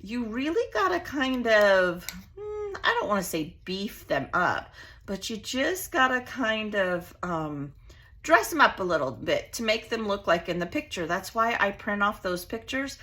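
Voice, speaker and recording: A bubbly woman chats her way through a craft tutorial at her home table. Her voice is bright and forceful, and it swings all over the place as she gushes. She sounds casual and friendly, like she is talking to regulars. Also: medium pitch, big pitch swings, measured pace. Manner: bubbly, chatty, gushing. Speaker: crafting channel host.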